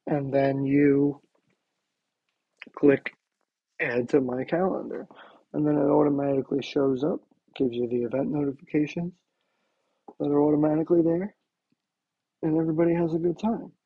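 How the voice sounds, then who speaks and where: A man's voice: a little high, steady tone, normal speed, vocal fry, long pauses, husky, no room sound, phone-quality sound. A man hosting a talk show, rambling casually with many fillers and restarts. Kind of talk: casual monologue.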